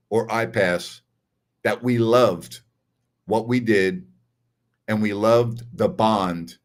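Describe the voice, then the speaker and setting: Older man, sports talk host, casual storyteller, slightly low voice, repeats himself for emphasis. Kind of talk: casual live-stream chat.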